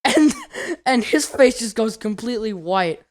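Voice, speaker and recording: A man's voice: sits high, normal speed, fairly bright tone. A teenage boy hosting a casual podcast with friends, laughing through his words and swearing casually. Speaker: podcast host.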